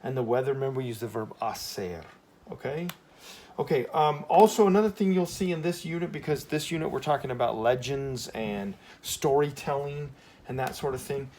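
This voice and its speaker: A man's voice: medium pitch, normal speed, a little mellow. A man with an ordinary mid-range voice walks a class through Spanish verb tenses in a loose, conversational way. He keeps checking in with "okay?" and corrects himself on the fly. A faint hiss sits under the classroom recording. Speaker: Spanish teacher. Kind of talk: casual classroom lesson at a whiteboard.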